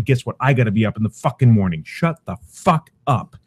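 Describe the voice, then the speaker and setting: A young man hosting a podcast, delivering an angry, profane rant loud and fast, cursing constantly. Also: fairly low pitch, breathy edge. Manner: profane, furious, shouting rant. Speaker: podcast host. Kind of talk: angry ranting commentary.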